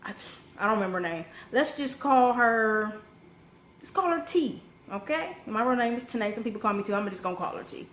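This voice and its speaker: In an echoey room at home with faint background noise, a young female vlogger delivers a casual storytime monologue about her own life. Her higher voice is blunt and full of swearing, and her animated telling flares up fast with sudden rises.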